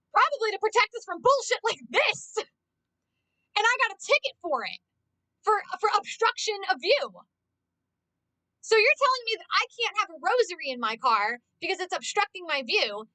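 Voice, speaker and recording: A woman's voice: very high voice, bright, forceful tone, no echo, poor audio. A woman streamer chatting casually, ranting with lots of swearing and exasperation.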